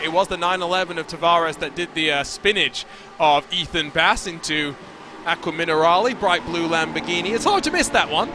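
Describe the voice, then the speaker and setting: A man commentating a sim racing broadcast, joking with his co-host as he calls the action. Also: high voice. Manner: lively, joking banter with co-host. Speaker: race commentator. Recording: background race car noise.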